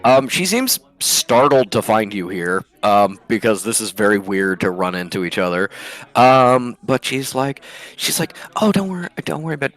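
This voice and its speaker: A man's voice: fairly low pitch, lively intonation, a little slow, a bit bright, soft background music. A man narrating as game master in a tabletop game, rambling with many fillers.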